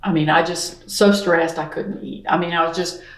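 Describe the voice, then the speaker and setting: Middle-aged woman, lowish voice, earnest storyteller with many asides, roomy echo. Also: fairly even intonation, moderate pace. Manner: earnest, many "I mean" asides, acts out quoted speech. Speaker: interview guest, painter. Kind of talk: personal storytelling in an interview.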